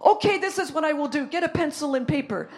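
A woman's voice: high-pitched, lively intonation, fast, voice pushed up. A woman voicing an overworked male office clerk who fires off indignant questions. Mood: brisk.

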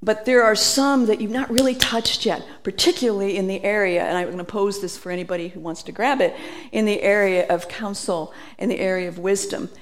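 A middle-aged woman preaching a sermon, telling stories in an animated way and laughing between phrases. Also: medium pitch, brisk.

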